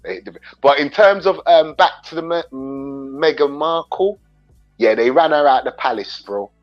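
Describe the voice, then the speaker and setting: A British man hosting a casual chat, talking in an animated, slangy way with some swearing. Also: on the high side, normal speed, highs cut off, faint music behind. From England. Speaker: host.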